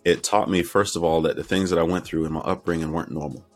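Middle-aged male guest, low husky voice, candid and reflective, acts out old conversations. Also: fairly even intonation, quick pace, faint music behind. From Florida. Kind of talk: personal storytelling.

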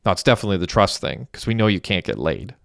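A man's voice: low-pitched, big pitch swings, fast talker, gravelly, fairly bright tone, no room sound, studio quality, full character voice. A man voicing a cocky, joking young man who talks in a brash, teasing, upbeat way.

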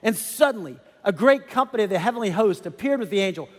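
A man delivers a sermon with a high voice, speaking to the congregation in a chatty, animated way. His words ring out with a long reverb, like a church sanctuary. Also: quick pace. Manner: animated, conversational preaching with many asides. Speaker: pastor.

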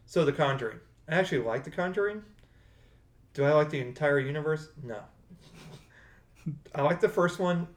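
A man's voice: on the high side, animated, normal speed, pauses often. Rambling man in an echoey room. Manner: rambling, self-correcting. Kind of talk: casual chat. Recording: roomy echo.

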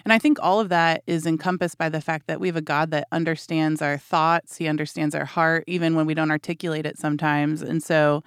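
A woman's voice: deep voice, fairly even intonation, fairly quick, hardly any pauses, smooth, dry recording, clean studio sound. A woman hosting a Bible discussion podcast, affirming her guests and steering the talk with questions. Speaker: podcast host.

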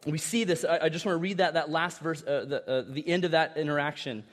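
High-voiced man preaching in a reverberant hall. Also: fairly quick. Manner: conversational preaching with animated asides and repeated words. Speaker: pastor. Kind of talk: sermon. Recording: long reverb of a large hall.

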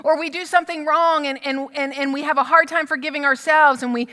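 A woman preaching a sermon in a conversational, animated storytelling manner. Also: high voice, a little fast, big-room sound.

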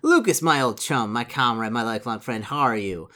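A man's voice: lowish voice, big pitch swings, a little fast. A man playing a fake-friendly male rival adventurer with an oily, mock-friendly manner. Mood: smarmy.

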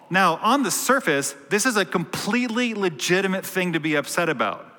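Guy priest preaching, jokey storytelling, kinda high bright voice, big churchy echo. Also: sing-song, brisk, few pauses. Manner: casual, joking, storytelling with quoted asides. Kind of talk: conversational sermon. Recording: long church reverb.

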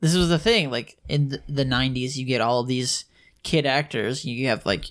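A man's voice: medium pitch, normal speed, a bit bright. A young man co-hosting a podcast, rambling and musing with many fillers. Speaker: podcast co-host. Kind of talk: casual chat.

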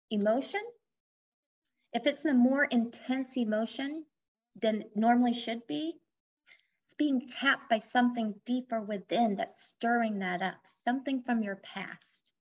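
A woman life coach in a casual podcast interview, speaking candidly and explaining with personal examples. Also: on the high side. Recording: dull lo-fi audio.

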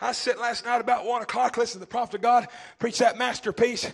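A man from East Tennessee, preaching a fervent sermon that swings between shouting and a low, intense voice. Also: little pitch movement, fast, creaky, slightly rough.

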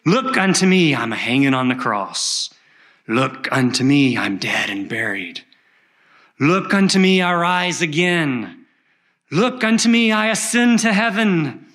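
A man's voice: fairly high pitch, sing-song, a little slow, fairly bright tone, pitched above the performer's own voice. A man voicing an old male shoemaker who preaches in a fervent, pleading, repetitive cadence.

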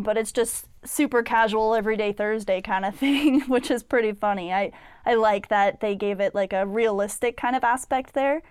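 A young woman chats casually as a podcast co-host, retelling a film in a loose, rambling way packed with "like" fillers. Her voice sits a bit high and comes through smooth and clear. The sound is dry and close. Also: dry recording. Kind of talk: casual chat.

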